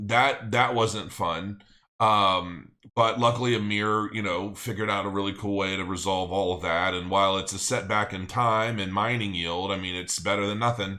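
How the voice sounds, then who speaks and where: A man's voice: deep voice, sharp tone. A middle-aged man hosting a casual livestream, rambling and thinking aloud as he reads viewer comments. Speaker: crypto channel host.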